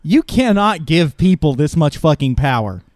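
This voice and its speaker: A man's voice: on the high side, sing-song, normal speed, a little mellow, no echo, studio quality. A man guesting on an anime podcast, riffing crudely with lots of profanity in casual chat. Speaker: guest co-host.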